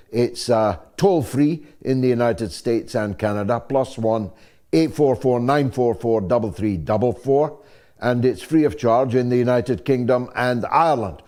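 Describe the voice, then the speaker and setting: Low, dark-voiced older male show host. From Scotland. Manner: fervent, oratorical, wry. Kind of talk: live-stream talk show monologue.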